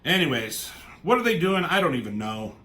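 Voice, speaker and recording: A man's voice: on the high side, big pitch swings, normal speed, bright, forceful tone. A man reviewing a comic book in casual, rambling chat, swearing offhandedly and trailing off into asides.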